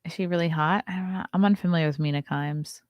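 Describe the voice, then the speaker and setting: This morning livestream host is a fast-talking woman with a fairly low, steady voice and no echo. She chats casually and reads headlines with sarcastic comments, occasionally lowering to a whisper.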